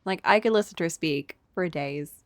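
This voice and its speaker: A woman's voice: fairly low pitch, a little fast, dry recording. A woman streaming a game, chatting casually and joking with frequent giggles. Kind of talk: casual live-stream commentary. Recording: game music behind.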